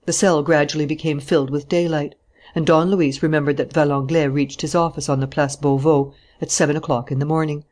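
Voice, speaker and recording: An audiobook narrator reading a novel in a steady, even storytelling manner. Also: medium pitch, fairly quick. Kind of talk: scripted narration.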